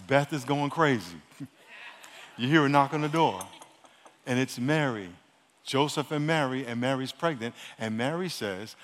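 A man preaching a sermon as pastor, with a New York accent. He talks fast and calls for responses from his congregation. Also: medium pitch. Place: church sanctuary. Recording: long church hall reverb.

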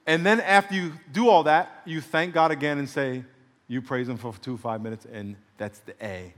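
Pastor, male, fairly high voice, preaching in a big echoing hall. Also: expressive, moderate pace. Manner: preaching with call-and-response, then softly guiding prayer. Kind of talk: sermon.

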